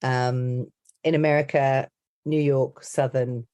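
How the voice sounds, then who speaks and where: A woman's voice: extremely low pitch, little pitch movement, slow pace, warm tone. A middle-aged woman, an accent and dialect coach, explaining her methods in a rambling, chatty podcast interview. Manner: chatty, rambling, heavy on "you know, like".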